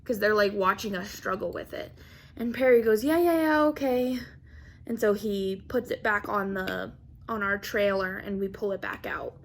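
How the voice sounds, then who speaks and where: A young woman vlogger telling a story in a casual, animated way, acting out quotes and laughing often. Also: mid-range voice, moderate pace, a little hiss or hum. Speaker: craft vlogger.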